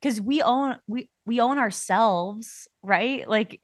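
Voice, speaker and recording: A woman co-hosting a podcast, talking in an earnest, quick way and cutting herself off. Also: a little high, no echo, clean studio sound. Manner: quick, earnest, self-interrupting. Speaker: podcast co-host. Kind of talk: casual chat.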